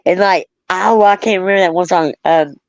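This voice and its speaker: A woman's voice: fairly low pitch, brisk, no room sound. A middle-aged woman hosting a casual chat, reminiscing in a rambling way, laughing often, and reading out viewer comments. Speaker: host. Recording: dull, lo-fi.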